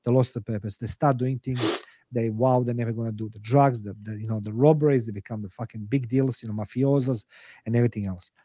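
A middle-aged author on a podcast speaks quickly in a warm, medium-pitched voice with a steady tone. Using English as his second language, he is earnest and blunt, swearing freely through emotional interview talk, in clean studio sound with no room sound.

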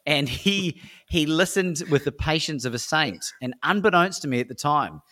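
Here's an Australian coach and speaker, his voice a little high, his pace moderate. He's a guest in an interview, telling animated stories full of energy, acting out exchanges and restarting often.

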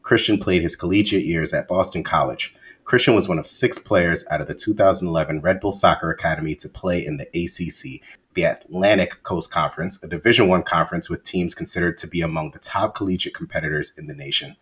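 Young man, podcast host, very deep voice, easygoing and full of fillers. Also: fast. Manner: relaxed, repeats words and uses many fillers. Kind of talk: casual interview chat.

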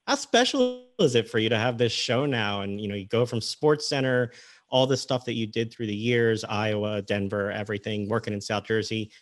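A man's voice: on the low side, normal speed. A man hosting a sports radio show, asking a guest questions in a friendly, conversational way. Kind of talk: casual radio interview.

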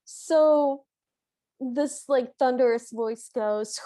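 A woman's voice: high-pitched, unhurried, a little mellow. A woman co-hosting a podcast, recapping a film scene by scene in an amused, giggly way. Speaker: podcast co-host. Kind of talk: casual chat recapping a film.

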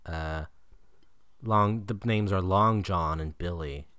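A man's voice: sits low, takes it slowly, fairly bright tone, no room sound, clean studio sound. A man co-hosting a casual film review chat, joking and sarcastic, often laughing. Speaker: podcast co-host reviewing a film.

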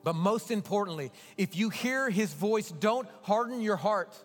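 A pastor giving a sermon and altar call, swinging between loud urging and hushed pleading. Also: male voice, high-pitched, animated, unhurried. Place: large church sanctuary. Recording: long hall reverb with faint music.

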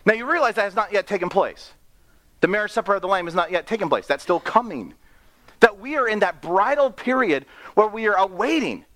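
A young man delivers a sermon in a high, lively voice that swoops up and down. He reads scripture and tells the story with a playful, animated manner, laughing at his own asides. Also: a little fast. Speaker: preacher.

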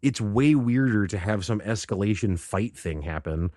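A man's voice: lowish voice, lively intonation, normal speed, dark tone, dry recording, studio quality. A man hosting a casual solo podcast, talking loosely, laughing often and acting out the people he quotes. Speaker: podcast host.

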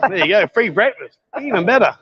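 Male host, high-pitched and chatty, outdoor street livestream on a phone mic, slightly lo-fi. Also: animated, fairly quick, slightly rough. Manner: chatty, jokey, greets people loudly on the street. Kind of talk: casual walkabout livestream. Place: outdoor street market at night.

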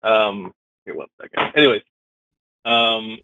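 A man's voice: on the low side, steady tone, unhurried, noisy background. A male caller putting on a Cajun accent, rambling and hesitant. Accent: put-on Cajun. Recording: muffled phone line.

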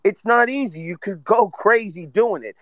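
Guy on a live audio chat, blunt and cussing, slightly high, dry sound. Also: normal speed, a bit bright, dry recording. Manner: blunt, profane, sympathetic. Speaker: speaker in an online audio chat. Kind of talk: casual chat.

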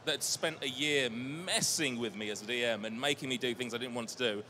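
A man's voice: mid-range voice, brisk, sharp tone, slight background noise. A man, a game master speaking on a live panel, thoughtful and prone to restarting his phrases. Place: stage before a live audience.

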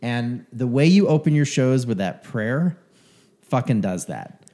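A man's voice: mid-range voice, lively intonation, measured pace, mellow. A man hosting a casual conversation with a fellow comedian, speaking earnestly with plenty of fillers. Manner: earnest, filler-heavy phrasing.

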